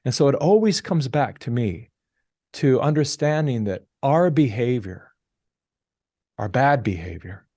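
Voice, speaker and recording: A middle-aged man telling a story as a podcast guest, animated and acting out the people he quotes. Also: mid-range voice, a little slow, no room sound, studio quality. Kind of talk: casual storytelling interview.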